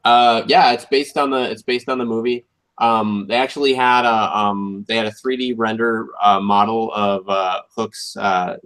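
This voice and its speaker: A man's voice: on the low side, a bit bright. A man co-hosting a podcast, reviewing a retro game in an easygoing way with many ums and uhs. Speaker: podcast co-host. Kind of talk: casual chat.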